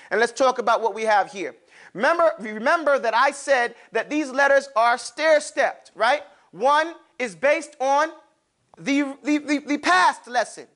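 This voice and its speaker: High-voiced man teaching a class. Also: measured pace. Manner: lively, calls on students, asks and answers his own questions; casual street slang asides. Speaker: Arabic teacher. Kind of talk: classroom lesson.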